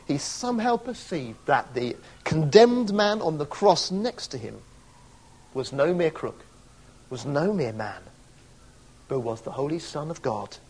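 Male preacher, fairly high voice, animated delivery, rhetorical and emphatic. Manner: emphatic, rhetorical questions, stretches key words. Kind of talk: sermon.

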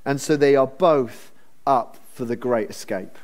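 A man's voice: mid-range voice, a little slow. A man preaching a Bible sermon in a conversational, humorous storytelling manner. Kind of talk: expository sermon.

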